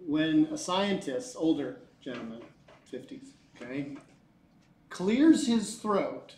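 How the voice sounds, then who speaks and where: A male teacher lecturing a class in a lively, joking way, often asking the students questions. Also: a little high, slow pace, pauses often. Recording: echoey classroom.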